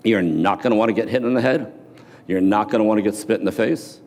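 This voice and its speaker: Man putting on a gruff mafia boss, curt, profane, low voice, long hall echo. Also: fast, darkish tone, natural voice. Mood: stern. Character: gruff older male mafia trading boss, blunt.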